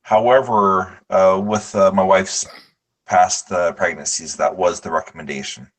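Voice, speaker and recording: Podcast co-host, man, deliberate and halting, lowish voice, slow delivery, remote call. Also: steady tone. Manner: hesitant, many "uh" fillers, measured. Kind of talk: casual film discussion.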